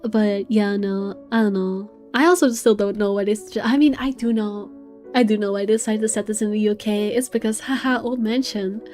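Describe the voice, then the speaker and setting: Streamer lady chatting and laughing at herself, mellow tone, bit of music behind. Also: medium pitch, fairly even intonation, normal speed. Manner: giggly, self-mocking asides. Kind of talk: casual commentary while playing. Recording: faint game music behind.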